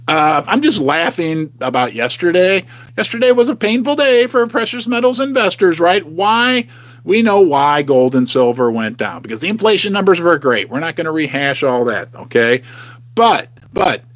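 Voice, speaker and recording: A man's voice: fairly high pitch, big pitch swings, normal speed, dry recording. A middle-aged man hosting a casual livestream from his home basement, chatty and folksy, often turning to ask his viewers questions. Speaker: host of a precious-metals investing channel.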